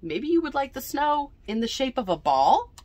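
A woman's voice: sits high, very animated, normal speed, a little mellow, no echo, voice pushed up. A woman reading aloud and voicing a playful, teasing character from a picture book.

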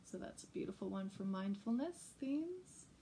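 A woman music educator giving a gentle, chatty teaching talk to teachers and parents. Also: mid-range voice, very animated, moderate pace, gravelly, a little hiss or hum. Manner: gentle, chatty, breaks into short sung examples. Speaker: early childhood music educator.

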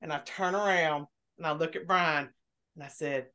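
Low-voiced woman telling stories. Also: normal speed. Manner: animated storyteller, swears freely. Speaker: podcast panelist. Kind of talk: casual chat.

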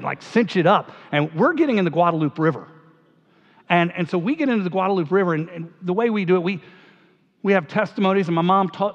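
High-voiced middle-aged pastor telling stories. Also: male voice. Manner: conversational, humorous storytelling. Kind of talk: memorial eulogy storytelling. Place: church hall. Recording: dull sound with long church reverb.

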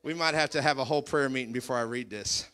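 A man preaching a sermon as pastor, swinging between quiet asides and shouted, sing-song declarations, sometimes mimicking his congregation. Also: mid-range voice, fast talker. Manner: mimics congregation members for effect.

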